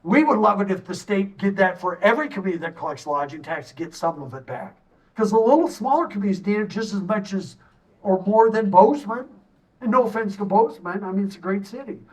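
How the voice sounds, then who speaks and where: A middle-aged man giving an animated presentation to a town audience from a stage, telling stories with jokey asides. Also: sits high, distant mic, low-quality recording. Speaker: tourism consultant giving a community assessment. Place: stage in a hall.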